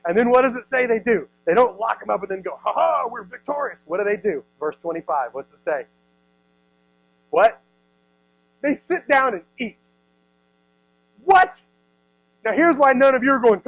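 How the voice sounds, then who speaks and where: A man's voice: high-pitched, dry recording, low-quality recording. A man in his thirties, a youth pastor, giving a playful sermon and acting out the people in the story. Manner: playful, acts out voices, many "like"s. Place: youth service room.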